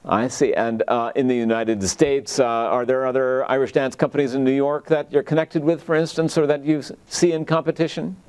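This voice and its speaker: A man hosting a local TV interview, polite and a little hesitant, often pausing with "uh". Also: medium pitch, steady tone, a little mellow, clean tone. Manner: hesitant, polite, fills gaps with uh. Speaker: host.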